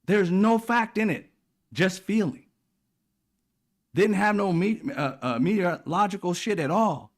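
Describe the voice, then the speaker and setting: A man hosting a political commentary show rants casually, sounding profane, exasperated and mocking. His delivery swings between loud and high and low and quiet.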